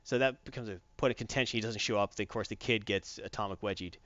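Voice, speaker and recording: A man casually reviewing a film on a podcast, animated and playful as he recaps scenes. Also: lowish voice, quick pace, no echo. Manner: animated, acts out scenes in funny voices. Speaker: podcast co-host. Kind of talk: casual movie review chat. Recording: dull lo-fi dry sound.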